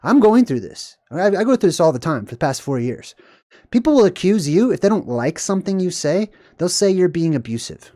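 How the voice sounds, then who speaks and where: A man's voice: high voice, sing-song, fairly quick, mellow, dry recording, clean studio sound. A man hosting a casual commentary vlog, ranting to viewers in an irritated, conversational way and swearing freely. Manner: conversational, talks straight to viewers. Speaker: host.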